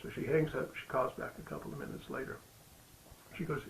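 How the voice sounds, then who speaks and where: Guy giving a sunday talk, kinda gravelly, casual storyteller with lots of ums. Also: fairly high pitch, flat delivery, fairly quick, a little hiss or hum, poor audio. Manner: conversational storytelling with frequent fillers. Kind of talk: sermon.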